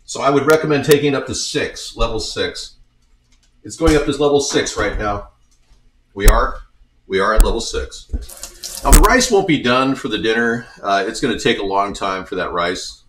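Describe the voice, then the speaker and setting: A man's voice: mid-range voice, lively intonation, moderate pace, a bit bright, a little hiss or hum. A man in a home kitchen talking through a recipe in a casual, rambling way with joking asides. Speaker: home cook showing a recipe. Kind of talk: casual cooking demonstration. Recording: echoey kitchen, mic at a distance.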